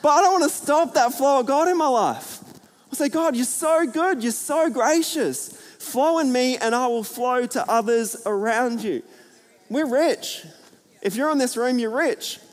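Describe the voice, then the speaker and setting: Aussie pastor guy, fairly high voice, casual joking sermon, hall echo. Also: normal speed. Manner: energetic, conversational with many fillers and jokes. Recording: hall reverb.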